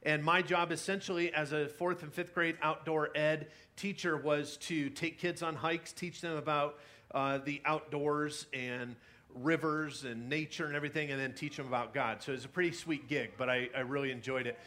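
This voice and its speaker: Bright-voiced man preaching a sermon. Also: on the high side, steady tone, normal speed. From California. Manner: conversational storytelling with many fillers and restarts. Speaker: pastor.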